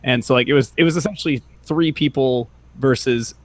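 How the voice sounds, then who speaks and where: A man's voice: mid-range voice, a little fast. A man co-hosting a gaming podcast in a tired, worn-out voice, rambling with lots of fillers. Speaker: podcast co-host. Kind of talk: casual podcast chat.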